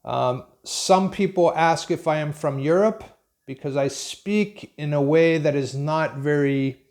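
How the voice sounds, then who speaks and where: A man with an American accent, from Pennsylvania, giving an unscripted English lesson in a slow, thoughtful way with many pauses and restarts. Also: fairly high pitch, darkish tone. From Pennsylvania, USA. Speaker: English teacher.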